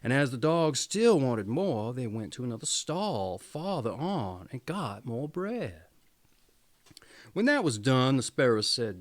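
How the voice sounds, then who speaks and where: A man's voice: mid-range voice, sing-song, unhurried. A man casually reading fairy tales aloud as a storyteller, playful and chuckling at his own slips.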